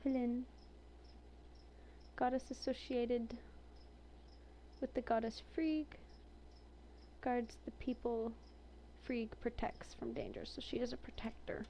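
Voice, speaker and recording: With a creaky, dark-toned voice on the high side, a woman offers casual, amused commentary as she browses a game collection, reading entries aloud between her own thoughts. Slight background noise can be heard.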